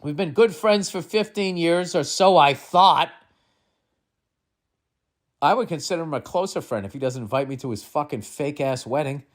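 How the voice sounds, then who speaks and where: A man's voice: fairly high pitch, normal speed. A man hosting a comedy advice podcast, ranting with lots of swearing and exasperated outbursts that drop into mutters. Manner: swearing, exasperated, swings between loud and muttering. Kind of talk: profane comedic rant.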